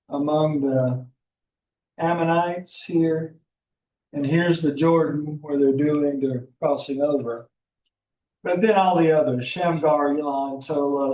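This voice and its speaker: A man's voice: a little high, mellow. Alabama man teaching in an echoey room. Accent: Southern US, Alabama. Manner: folksy, conversational teaching with asides and chuckles. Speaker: Bible teacher. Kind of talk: Bible class lecture. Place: classroom. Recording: roomy classroom audio from a distant mic.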